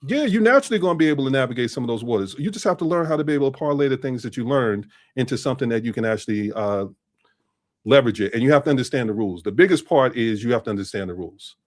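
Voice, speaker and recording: A man's voice: medium pitch, expressive, very fast. A man in his fifties, a guest on a casual interview, telling stories in a mix of street slang and business talk and repeating his phrases.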